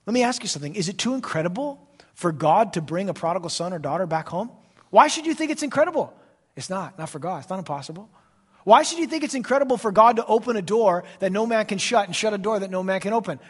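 A pastor preaches emphatically in church with a high-pitched voice, swinging between loud declarations and soft asides.

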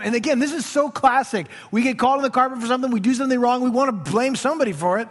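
A man preaching a sermon, reading scripture aloud and breaking into animated, chatty asides. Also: very high voice, very fast, few pauses. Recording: reverberant hall.

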